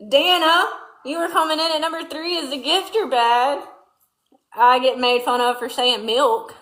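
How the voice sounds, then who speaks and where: A farm livestream host, a chatty Southern woman with a Louisiana twang, reads viewer comments in a folksy, easy way while doing barn chores. Her slightly high voice is bright and forceful, with fairly even intonation and a somewhat slow pace. Her phone mic picks up the barn's echo.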